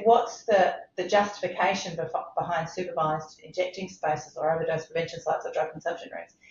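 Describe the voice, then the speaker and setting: A woman's voice: mid-range voice, a little mellow. A middle-aged woman, a medical director, speaking emphatically in a podcast interview. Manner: impassioned, emphatic, repeats for stress. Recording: roomy, slightly dull sound.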